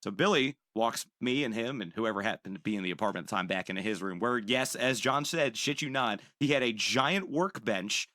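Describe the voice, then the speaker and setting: A young man on a podcast telling a profane, animated story and acting out the people in it. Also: medium pitch, fairly quick, hardly any pauses, no room sound, clean studio sound. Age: young adult. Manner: animated, profane, acts out quoted voices. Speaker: podcast co-host. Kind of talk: casual storytelling.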